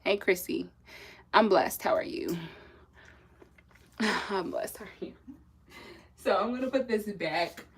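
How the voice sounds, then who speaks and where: There's a slight hiss or hum as a young southern African woman with a mid-range voice hosts a laid-back livestream, speaking slowly with long pauses. She reads the chat aloud, laughs often, and slips French phrases into her chatter.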